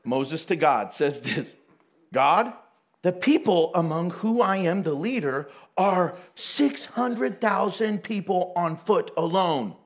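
A man's voice: sits high, expressive, slow pace. A man giving a casual, playful sermon, often laughing and acting out the voices of the people in the story. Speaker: preacher.

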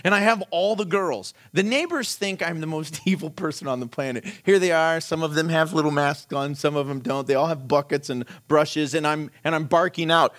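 A middle-aged man preaching, telling a humorous personal story in an animated, self-deprecating way and laughing as he goes. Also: fairly high pitch, moderate pace, hardly any pauses.

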